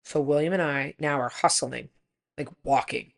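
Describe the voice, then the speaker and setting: Mom in her 40s on a podcast, low-ish voice, animated storytelling, swears a lot. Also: normal speed, vocal fry. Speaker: podcast co-host. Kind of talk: casual chat.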